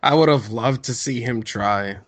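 A man's voice: medium pitch, moderate pace, dry recording. A man in a casual podcast chat, chiming in with short agreements and quips.

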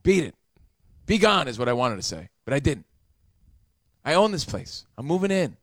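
A man in his forties tells a winding story on a podcast, animated and swearing freely. His voice sits a little high, and the sound is dry and close. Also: normal speed, dry recording. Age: 40s. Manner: animated, profane, rambling storyteller. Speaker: podcast co-host. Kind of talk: casual storytelling chat.

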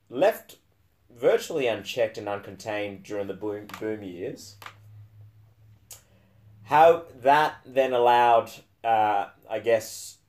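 Halting podcast host, low voice. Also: male voice, a little mellow. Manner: halting, many fillers and restarts, dry sarcasm. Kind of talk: casual book discussion podcast.

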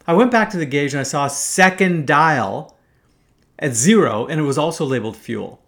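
A man's voice: fairly high pitch, lively intonation, moderate pace, fairly bright tone. A man in his fifties from Canada, telling a first-person story in a wry, casual way, swearing freely. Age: 50s.

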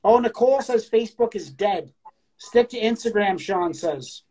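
A woman co-hosting a casual podcast, talking bluntly with lots of profanity and reading poems aloud slowly. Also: medium pitch, animated, dark tone, husky, poor audio. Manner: crude, blunt, profane talk. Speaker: podcast co-host. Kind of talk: casual chat.

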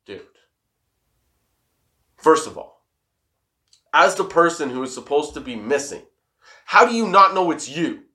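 A relaxed young man hosts a casual stoner chat, rambling loosely, giggling a lot and cursing without restraint. He's clearly high, with an easy, wandering delivery that is very animated yet unhurried, full of long pauses, and pushed and bright in tone.

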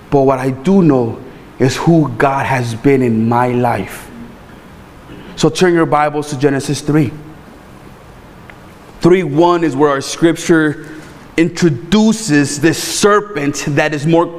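A male pastor delivers a casual, animated sermon, repeating himself for emphasis and dropping in joking asides. His voice sits slightly higher than most men's. A long hall reverb trails behind every phrase. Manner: animated, conversational preaching with repeated words and playful asides.

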